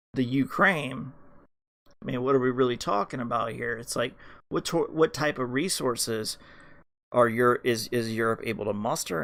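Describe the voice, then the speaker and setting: A man hosting a podcast, ranting in a rambling monologue full of swearing and restarts. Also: medium pitch. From United States. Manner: ranting, heavy swearing, many fillers and restarts. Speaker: podcast host.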